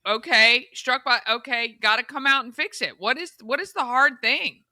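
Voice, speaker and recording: A woman's voice: on the high side, moderate pace, pushed and bright, no echo, studio quality. A woman hosting a casual morning show who reacts with short questions and exclamations. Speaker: show host.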